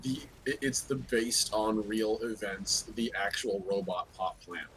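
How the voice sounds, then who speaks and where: Low-voiced man, laughing and rambling. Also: unhurried, a bit bright, a little hiss or hum, poor audio. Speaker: streamer. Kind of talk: casual gaming chat.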